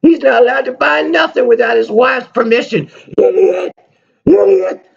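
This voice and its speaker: A man doing a cheeky toy puppet, high-pitched, taunting, dull lo-fi sound. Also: animated, normal speed, creaky, husky, heavily acted. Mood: mocking. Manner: taunting, shrill insults. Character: rude little male toy puppet, mocking.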